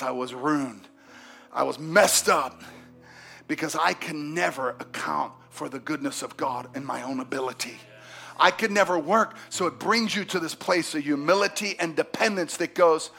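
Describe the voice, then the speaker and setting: A middle-aged man preaching as a pastor. He swings between shouted exhortation and hushed, intimate passages, and he calls on the congregation to answer back. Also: on the high side, unhurried, vocal fry, soft background music. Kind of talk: sermon.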